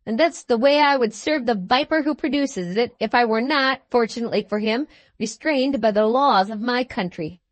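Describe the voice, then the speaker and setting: A woman's voice: fairly high pitch, normal speed, no echo, natural voice. A woman voicing a pompous, furious male newspaper editor who blusters with indignation.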